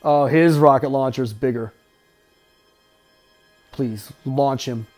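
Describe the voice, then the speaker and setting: A man's voice: medium pitch, slow, a little mellow, faint music behind. A man hosting a podcast, giving casual, wisecracking, profanity-laden commentary while watching a movie. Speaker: podcast host. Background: faint film soundtrack.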